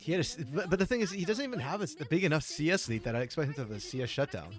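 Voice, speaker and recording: A mid-pitched caster from outside the United States calls an esports match with a voice that swoops up and down. They react out loud to each play and fall back into easy chat between fights. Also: rapid-fire. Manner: excitable, reacts out loud to the plays.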